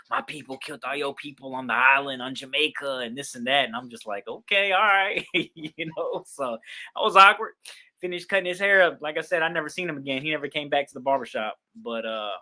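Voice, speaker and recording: A man's voice: a little high, pushed and bright. A young man from Queens, New York, chatting casually on a livestream about a dog raffle, rambling with lots of fillers.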